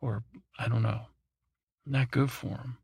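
A man's voice: medium pitch, steady tone, measured pace, vocal fry, darkish tone, breathy edge, no room sound, studio quality. A man hosting a podcast, telling a meandering, drowsy bedtime story with many fillers and restarts. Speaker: podcast host.

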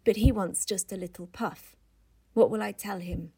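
A woman's voice: medium pitch, normal speed, mellow, breathy edge. A woman reading the part of an earnest male ad canvasser who explains and pleads.

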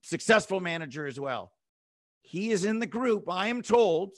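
A man hosting a sports talk podcast, firing off rhetorical questions and answering them himself in quick, punchy bursts. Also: high voice, expressive, no echo, studio quality. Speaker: podcast host.

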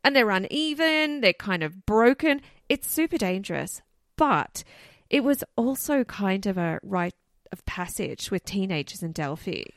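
A woman co-hosting a podcast tells a case in a casual, storytelling way, loose and full of "you know" and "like" asides. Her medium-pitched voice is expressive and a little slow, with hardly any pauses. The studio sound is clean, with no echo.

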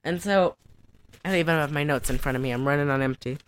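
A young woman co-hosting a podcast, recapping a movie in a rambling, giggly chat. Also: quick pace. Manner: rambling, giggly, sings snatches in falsetto. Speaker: podcast co-host.

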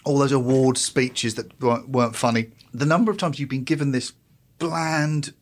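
Husky-voiced man musing. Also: mid-range voice, fairly even intonation, normal speed. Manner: thoughtful, builds long analytical points. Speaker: podcast co-host. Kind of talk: casual chat.

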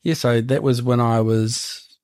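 A man's voice: medium pitch, fairly even intonation, measured pace, a little mellow, smooth, no room sound, studio quality. Laid-back New Zealand man telling stories. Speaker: guest. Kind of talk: casual storytelling.

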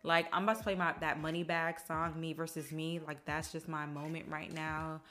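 A woman's voice: low voice, normal speed. A young woman hosting a podcast, talking casually and emotionally about her life and acting out what others said. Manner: chatty, emotional, quotes others in animated voices. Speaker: podcast host. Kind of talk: casual personal monologue. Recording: faint music behind.

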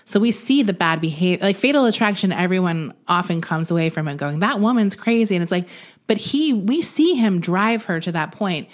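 A woman's voice: on the low side, lively intonation, brisk. A woman co-hosting a podcast, chatting emphatically about a film and laughing easily. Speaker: podcast co-host. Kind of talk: casual chat about a movie.

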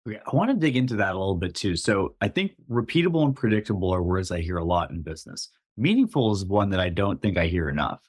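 Quick-talking host guy, kinda husky, rambly questions, dry sound. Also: low voice, sing-song, no room sound. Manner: fast, loose, stumbling follow-up questions. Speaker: podcast host. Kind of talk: interviewing a guest.

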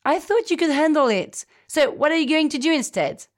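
A woman's voice: high-pitched, lively intonation, pitched above the performer's own voice. A woman doing her proud, impatient mother. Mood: questioning. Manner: bossy, quick to take offence.

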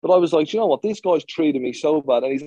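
A man's voice: a little high, animated, fast, warm tone, no echo, muffled recording. A man who played professional football, telling a story in an interview, blunt and swearing freely, with lots of restarts.

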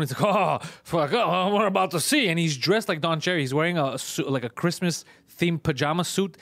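Guy ranting thru a comedy story super fast, swears a lot, kinda high voice, dry sound. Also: no echo. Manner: fast, profane, animated storytelling. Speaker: podcast host, comedian. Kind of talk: casual storytelling chat.

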